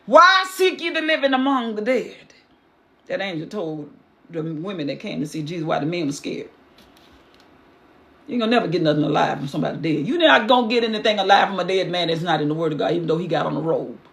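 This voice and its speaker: A woman's voice: sits low, fast talker, gravelly. A woman retelling a Bible passage with colloquial, playful asides between the verses. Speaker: Bible teacher.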